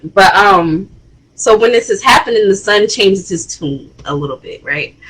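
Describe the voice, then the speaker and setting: A woman hosting a casual reality TV review, chatty and expressive, with rising exclamations. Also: medium pitch, breathy edge, rough recording. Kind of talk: casual commentary.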